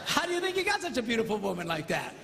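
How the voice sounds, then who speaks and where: A man giving a comedic seminar talk on marriage, animated and mimicking squealing women in falsetto. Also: rapid-fire, gravelly, background noise. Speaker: comedic relationship speaker. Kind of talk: stand-up style seminar talk. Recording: live hall, faint ambience.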